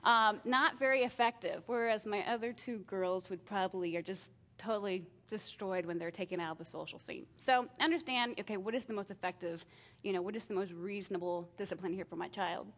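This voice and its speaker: A middle-aged woman talking casually about parenting and discipline, acting out exchanges with her kids in lively voices and laughing at herself. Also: medium pitch, fairly quick. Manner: animated, acts out family exchanges with self-deprecating laughs. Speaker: parenting speaker.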